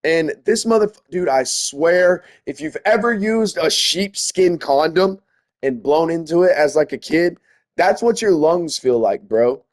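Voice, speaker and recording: Young dude ranting through a wild story, swears a ton, keeps saying bro and you guys, voice a bit on the high side. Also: male voice, expressive, a little slow. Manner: profane, emphatic, addresses viewers as guys and bro. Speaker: storyteller vlogger. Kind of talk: casual storytelling to viewers.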